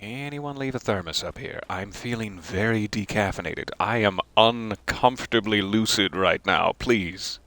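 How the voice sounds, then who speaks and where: Low-voiced man cracking dry jokes. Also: a little slow, few pauses, a bit bright. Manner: punning, dry sarcastic asides. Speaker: streamer. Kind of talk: let's play commentary.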